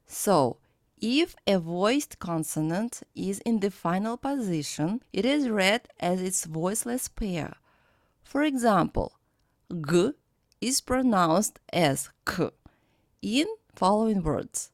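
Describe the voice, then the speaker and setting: A woman teaching a language lesson, reading her script and sounding out example words slowly and carefully. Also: mid-range voice, animated, no echo, clean studio sound. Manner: slow, careful, clearly pronounced examples.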